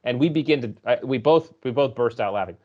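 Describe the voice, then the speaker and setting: A man being interviewed as a guest author, explaining ideas and telling stories in a lively conversational way. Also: medium pitch, fast, dull audio. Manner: storytelling, explanatory, animated when recounting.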